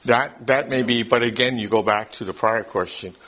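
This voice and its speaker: A man's voice: mid-range voice, moderate pace, fairly bright tone. Man teaching a Bible class. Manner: explains step by step, checks in often with "okay?"; repeats words when starting a thought. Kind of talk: classroom lecture.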